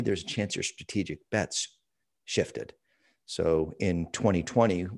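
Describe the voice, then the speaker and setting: A man's voice: sits low, creaky, a little mellow. A man, an author and consultant, answering interview questions in an emphatic storytelling way that repeats key phrases.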